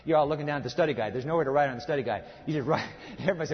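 High-pitched guy preaching a sermon, big swings loud to quiet, echoey church hall. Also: rapid-fire, hardly any pauses. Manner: emphatic, swings from loud to hushed. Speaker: pastor. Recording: reverberant hall, dull sound.

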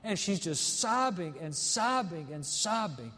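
A man's voice: high voice, big pitch swings, pushed and bright, in a large hall. Man preaching with dramatic storytelling. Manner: dramatic storytelling, slowing down for emphasis. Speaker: pastor. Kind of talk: sermon.

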